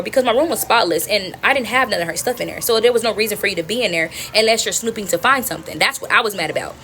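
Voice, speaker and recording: A young woman telling a personal story to her viewers in an animated, slangy way, calling them y'all and cursing freely. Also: medium pitch, racing, few pauses, a little hiss or hum. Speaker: storytime vlogger.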